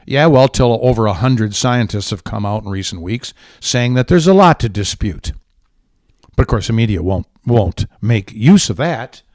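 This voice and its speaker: A man's voice: medium pitch, lively intonation, normal speed, darkish tone, no room sound. A man hosting a political talk show, ranting with heated, indignant sarcasm. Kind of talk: angry political commentary.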